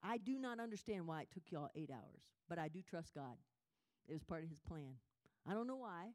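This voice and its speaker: A woman's voice: on the low side, lively intonation, a little mellow. Woman preaching an earnest testimony. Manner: emotional, conversational storytelling that asks the audience questions; leads listeners in reading scripture aloud, slow and emphatic. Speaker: women's Bible study speaker. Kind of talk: sermon with personal testimony.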